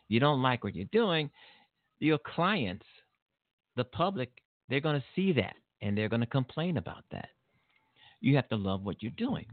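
In a casual monologue recorded at his home studio, a middle-aged talk-show host rambles on about his son and keeps repeating himself. His mid-range voice comes through dry over a tinny, phone-like connection.

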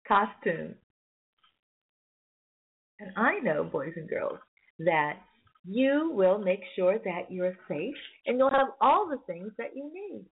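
Slow, lilting woman storyteller. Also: on the high side, husky. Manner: slow, expressive, laughs often. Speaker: children's storyteller. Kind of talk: bedtime story reading. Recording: phone-like lo-fi sound, faint music.

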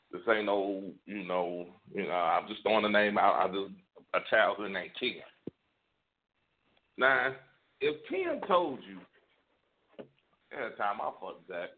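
A man on a radio show telling a story in casual chat, rambling and profane, with many restarts. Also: on the low side. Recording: tinny phone-like sound.

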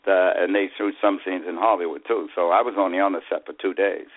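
A man's voice: low-pitched, fairly even intonation, fast. A man in his eighties with a Boston accent, telling rambling stories as an interview guest. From USA. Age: 80s. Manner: rambling anecdotes, hesitant fillers. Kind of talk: storytelling interview. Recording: phone line.

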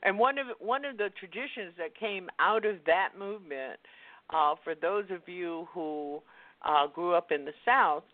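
A man's voice: sits high, a little slow, no echo. A man hosting a radio talk show, chiming in with agreement and turning to his guest with follow-up points. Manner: affirming interjections, addresses guest directly. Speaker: host. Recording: dry tinny phone-like sound.

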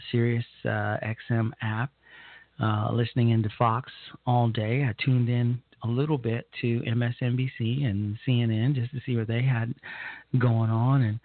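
A man hosting a live political talk radio show, halting and repeating himself as he talks, nervous throughout. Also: medium pitch, no echo. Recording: tinny phone-like line.

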